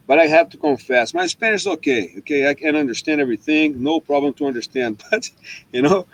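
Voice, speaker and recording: A man hosts a relaxed live chat over a video call. His voice sits slightly high and swings widely as he tells funny travel stories, stumbling and restarting often. There is some gravel in his tone. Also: low-quality recording. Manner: animated storytelling with frequent restarts. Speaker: host.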